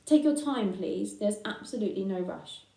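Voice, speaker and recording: A woman's voice: medium pitch, lively intonation, normal speed, vocal fry, mellow, roomy sound, far from the mic, rough recording. A woman doing a very polite young pig. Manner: very courteous. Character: polite young piglet, earnest and gentle.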